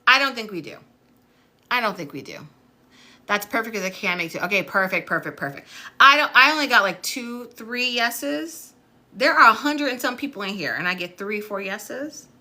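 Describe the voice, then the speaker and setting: A chatty, upbeat woman leads a casual livestream class on TV production, reading viewers' comments aloud as she goes. Her voice is very bright, and her pitch sits in a middle range. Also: expressive, normal speed. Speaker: TV production instructor. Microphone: phone or webcam on livestream.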